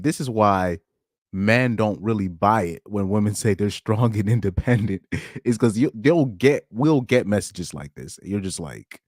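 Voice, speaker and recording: A man hosting a podcast, reacting to screenshots in a rambling, animated way, often laughing and jumping up in pitch when amazed. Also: moderate pace, no room sound, clean studio sound. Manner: rambling, with frequent restarts. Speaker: podcast host. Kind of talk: casual commentary reading screenshots.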